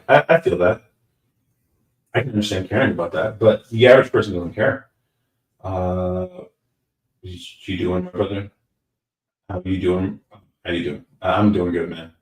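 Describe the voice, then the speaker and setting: A low-voiced man hosts a loose, casual live Q&A, rambling and joking at his own expense. He sits back from the microphone, so his voice comes through distant and echoing around the room. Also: darkish tone. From United States. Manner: rambling, joking, self-deprecating. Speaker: host answering live chat. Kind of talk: casual livestream Q&A. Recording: roomy sound from away from the mic.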